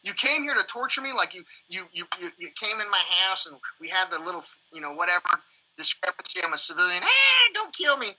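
This livestream host is a man with a high voice who talks fast over a rough recording. His chat is casual and rambling, full of swearing, and he animatedly acts out quoted exchanges.

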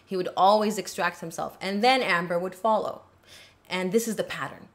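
Woman recapping a trial, animated. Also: fairly low pitch, normal speed. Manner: animated, acts out quoted lines. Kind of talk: casual commentary.

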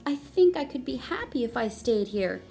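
A woman putting on an elegant painted lady with a raised, swooping voice and a fondness for Italian words. She speaks slowly and dramatically in this storybook, over faint music. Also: on the high side, sing-song, creaky, dark tone, voice pushed up. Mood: wistful.

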